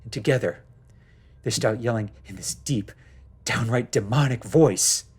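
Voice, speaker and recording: A man's voice: mid-range voice, a little slow, a little mellow, husky. A man narrating his own first-person horror story in a tense, dramatic way.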